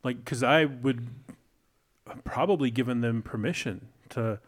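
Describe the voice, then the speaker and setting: Chill guy talking frankly, mid-pitched, loose casual chat. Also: unhurried. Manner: laid-back, frank, lots of "like" and "you know".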